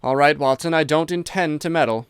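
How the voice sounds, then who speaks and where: A man voicing a sharp, dry-witted male detective who speaks in a measured, thoughtful way. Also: fairly high pitch, smooth, dry recording, lightly acted. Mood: musing.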